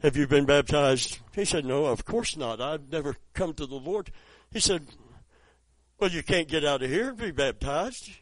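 A man preaching a sermon, telling a story softly and then rising into loud, high exclamations. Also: expressive, moderate pace, no room sound, rough recording.

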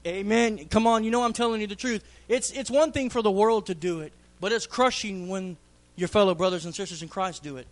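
A man's voice: high-pitched, a bit bright. A man preaching a fervent sermon in a church, repeating phrases for emphasis.

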